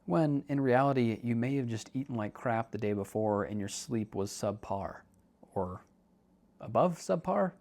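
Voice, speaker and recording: A young man with a fairly low voice hosts a relaxed podcast monologue. He is chatty and jokey and calls listeners dude. He shifts between quick asides and slower stretches. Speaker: podcast host and counselor.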